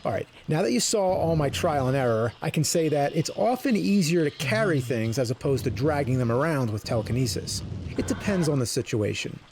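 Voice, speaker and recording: A man giving a comedic retro game review, swearing loudly and exasperated at the game. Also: a little high, animated, fairly quick, noisy background. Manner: foul-mouthed, exasperated outbursts.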